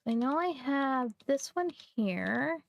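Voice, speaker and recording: A young woman from Missouri, chatting casually and rambling while she streams a game, quick to poke fun at herself. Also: high-pitched, expressive, creaky, lo-fi sound. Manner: rambling, chatty, self-deprecating. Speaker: livestreamer. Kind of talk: casual live gameplay chat.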